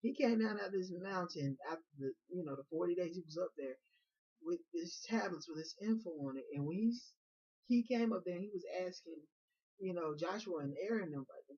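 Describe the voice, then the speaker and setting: A man's voice: high-pitched, animated, fairly quick, a little mellow, breathy edge. Man casually retelling a Bible story. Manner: conversational, rambling asides. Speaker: Bible teacher. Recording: dull lo-fi recording.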